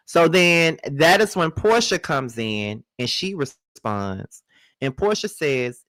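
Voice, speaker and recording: A man hosts a reaction commentary stream in an animated, profane rant. His voice is bright and forceful. It sounds dry and close, with no room echo. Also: fairly high pitch, slow. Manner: blunt, profane, animated ranting. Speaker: commentary channel host.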